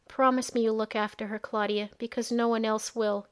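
A woman voicing a dying young mother who speaks weakly and softly. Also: fairly high pitch, level tone, moderate pace, smooth, close to an everyday voice. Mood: weak, pleading. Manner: weak, hushed.

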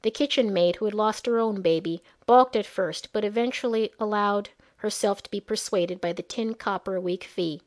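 A woman narrating a fantasy story in a measured storytelling manner. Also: medium pitch.

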